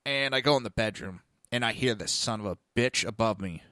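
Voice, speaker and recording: A man's voice: lowish voice, a little fast, bright, forceful tone, dry recording, studio quality. A man hosting a podcast, telling a blunt, profane story in a casual monologue. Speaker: podcast host. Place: lives in Florida.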